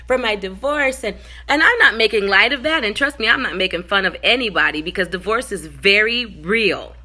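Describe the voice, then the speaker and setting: Bright-voiced woman preaching conversationally. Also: mid-range voice. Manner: candid, animated storytelling with audience asides. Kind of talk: conversational sermon.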